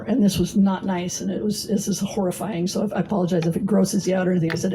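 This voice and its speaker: A woman's voice: mid-range voice, steady tone, brisk, warm tone, slight background noise, rough recording. A middle-aged woman telling her own recovery story at a meeting, blunt and salty, with plenty of fillers. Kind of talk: personal testimony talk. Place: meeting hall.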